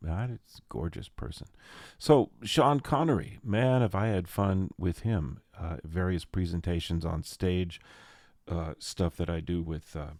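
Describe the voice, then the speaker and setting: Deep, gravelly man rambling playfully. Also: warm tone, no room sound, clean studio sound. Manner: playful, rambling, jokey asides. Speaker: podcast host and jazz arranger. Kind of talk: casual monologue.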